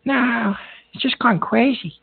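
A man's voice: very high voice, a little slow, vocal fry, slightly rough. A man hosting a call-in radio show, talking in a weary, hesitant way and trailing off. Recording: tinny phone line.

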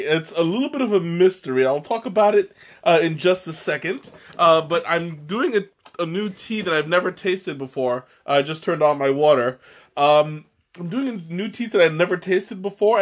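A man hosting a casual livestream, a little hoarse from a cold, rambling with many fillers and restarts as he greets viewers. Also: on the high side. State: slightly hoarse from a cold, coughing. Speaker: livestream host.

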